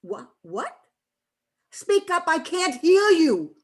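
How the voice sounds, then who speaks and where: A woman's voice: extremely high pitch, big pitch swings, takes it slowly, full character voice. An actress playing a feisty, foul-mouthed elderly woman who was once an actress, performed on stage. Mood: flustered. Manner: brash, boastful, salty-tongued.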